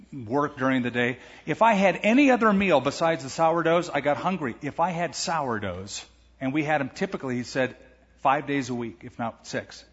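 A man's voice: a little high, breathy edge. A man preaching a sermon, reading scripture and explaining it in a conversational way with asides. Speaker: pastor. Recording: echoey hall, dull lo-fi sound.

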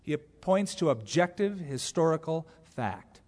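A man preaching a sermon, animated, acting out quotes in other voices as he goes. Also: on the high side, measured pace. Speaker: pastor. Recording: long hall reverb.

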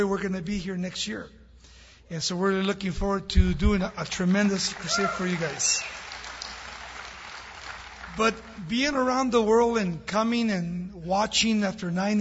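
Husky high-voiced man preaching. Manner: warm storytelling, laughs with audience. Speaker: guest preacher. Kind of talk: sermon with jokes. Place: large church hall. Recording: dull reverberant church hall recording.

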